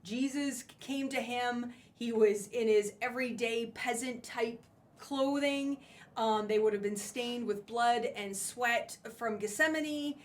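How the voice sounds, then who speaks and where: A woman with a somewhat high voice teaching from scripture in a church message. She talks plainly and stresses key words with force to drive each point home. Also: takes it slowly. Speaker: church speaker. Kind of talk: sermon teaching.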